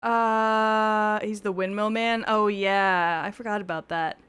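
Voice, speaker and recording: Smooth-voiced woman streamer, chatty and crude. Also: mid-range voice, steady tone, takes it slowly, fairly bright tone. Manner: chatty, swears often, jokey asides. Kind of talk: casual gameplay commentary.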